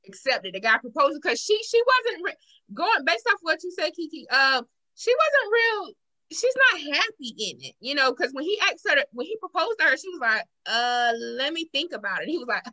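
A woman hosting a casual podcast chat, telling a story with animated acted-out quotes. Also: high-pitched, normal speed. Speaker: podcast host.

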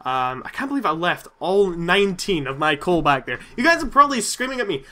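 Excitable gaming commentator man. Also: high-pitched, brisk, few pauses. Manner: excitable, swears and yells at the game. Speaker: gaming YouTuber. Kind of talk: let's-play commentary.

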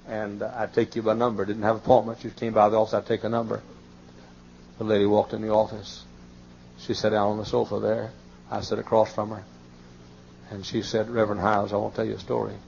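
A man in his late fifties preaching a sermon, telling folksy stories and often crying out in high, excited bursts. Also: gravelly. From Texas. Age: 50s. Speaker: pastor. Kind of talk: sermon with storytelling. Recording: muffled old sermon tape with faint hiss.

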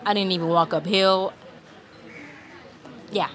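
A woman's voice: medium pitch, fairly even intonation, slow pace, a bit bright. A woman livestreaming from an outdoor restaurant patio, chatting casually and rambling, a little out of breath, speaking into a handheld phone mic. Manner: chatty, rambling, laughs often. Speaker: vlogger. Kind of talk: casual live-stream chat. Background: crowd of people.

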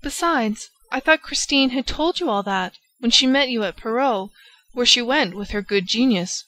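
A cheerful, bedridden old lady talks in a bright, raised voice, fond and gently scolding. A woman reading the audiobook puts her on. Her tone is gay and affectionate. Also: a little high, moderate pace, pitched above the performer's own voice. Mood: confiding. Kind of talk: audiobook character voice.

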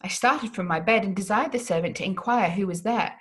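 Female read-along host, gothic novel, dramatic mid-pitched delivery. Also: fairly quick, a bit bright. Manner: dramatic reading with occasional slips. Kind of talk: reading a gothic novel aloud.

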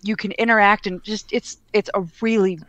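A woman's voice: medium pitch, steady tone, normal speed, fairly bright tone, dry recording, lo-fi sound. A woman co-hosting a podcast, chatting casually with a dry, teasing manner. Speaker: podcast co-host. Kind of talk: casual gaming chat.

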